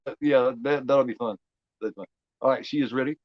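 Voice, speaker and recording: A man's voice: mid-range voice, fairly even intonation, brisk, dry recording, dull audio. A man from Indiana with a Midwestern American accent, hosting a movie watch-along stream in loose casual chat, rambling and repeating his words. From United States.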